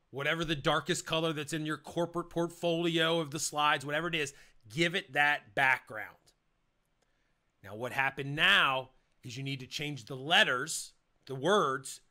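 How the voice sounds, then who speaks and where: A man's voice: on the high side, sharp tone. A man coaching on presentations, talking in a punchy, emphatic way and hammering key points with repetition. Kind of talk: energetic instructional talk.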